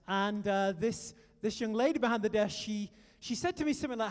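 A British man preaching a sermon, telling stories and urging his listeners on in an animated way. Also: high-pitched, a little slow, clean tone, long reverb tail. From Britain. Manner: animated storytelling, exhorting the audience.

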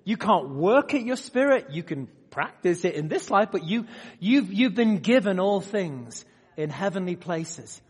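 A man preaching a sermon to a live audience, swinging between loud emphatic bursts and quiet asides and often putting questions to the room. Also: sits high, very animated, measured pace, husky. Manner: asks the audience direct questions. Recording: long hall reverb.

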